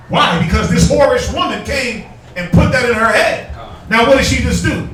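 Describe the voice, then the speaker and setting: A man preaching loudly on the street, calling out scripture readings and mocking in put-on voices. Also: very high-pitched, brisk. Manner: loud, forceful, calls for verses and mocks in put-on voices. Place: outdoors on a street. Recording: echoey, from far off, faint noise.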